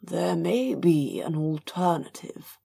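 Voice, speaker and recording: A woman reading an audiobook, voicing a calm, quiet nobleman who speaks deliberately. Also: fairly low pitch, vocal fry, breathy edge, full character voice.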